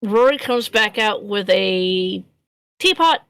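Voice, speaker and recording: A woman's voice: mid-range voice, lively intonation, takes it slowly, creaky, fairly bright tone, clean tone, dry recording, poor audio. Rambling woman game master. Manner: rambling, many fillers and restarts. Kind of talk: narrating a tabletop game.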